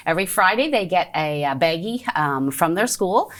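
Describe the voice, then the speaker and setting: A woman's voice: on the low side, animated, moderate pace. A woman with a Canadian accent, a program coordinator speaking as a guest on a community TV show, earnest and a little stumbling with fillers. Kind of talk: community TV interview.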